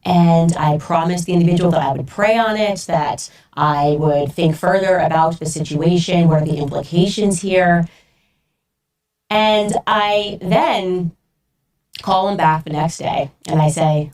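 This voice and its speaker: A woman podcaster with a lowish voice retells a story, animated and incredulous as she plays out the people she quotes. She sounds a bit distant from the mic. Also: unhurried. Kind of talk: storytelling monologue.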